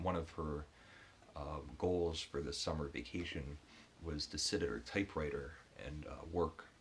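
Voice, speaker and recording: Deep-voiced man reviewing a book. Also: a bit bright, slightly rough. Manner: halting, retells the story with frequent restarts.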